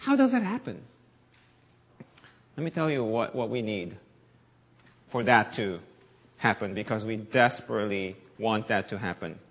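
Middle-aged male pastor with a slight Southern lilt, conversational sermon delivery, swings between soft earnest and loud lively. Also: fairly low pitch, moderate pace, long pauses. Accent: slight Southern American accent. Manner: conversational preaching with wide swings in loudness, from hushed to animated.

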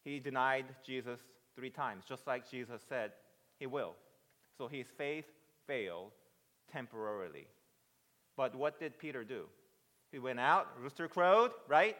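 Male pastor preaching, bright forceful voice, long reverb, dramatic swings from quiet to loud. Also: mid-range voice, a little slow. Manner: swings from hushed to loud, excited retelling of scripture. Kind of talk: sermon.

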